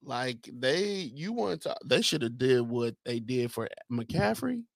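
Animated gravelly sports podcast co-host. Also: male voice, mid-range voice, no room sound, clean studio sound. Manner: animated, teasing, drawn-out emphasis. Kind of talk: casual sports chat.

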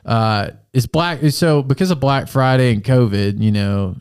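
A man's voice: medium pitch, unhurried, a little mellow, smooth. A man co-hosting a podcast in a casual, chatty way, laid-back and slangy, who laughs often. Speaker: podcast co-host and youth pastor. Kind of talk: casual chat.

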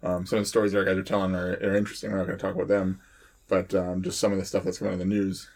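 A man who works as a firefighter, telling fire stories in a rambling, halting way with lots of pauses and laughs. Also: low-pitched, completely flat delivery, darkish tone. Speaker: firefighter, podcast co-host. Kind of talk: casual chat.

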